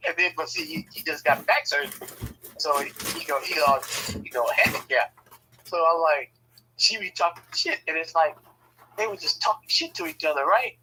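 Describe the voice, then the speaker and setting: Animated man telling family stories. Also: on the high side, moderate pace, a little hiss or hum, rough recording. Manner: animated, swears freely, acts out family voices. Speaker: storyteller. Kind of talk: casual storytelling.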